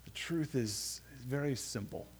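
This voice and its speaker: A man preaching a sermon in an earnest, halting way, with frequent restarts and phrase endings that drop soft. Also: mid-range voice, slight background noise. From United States. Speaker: pastor.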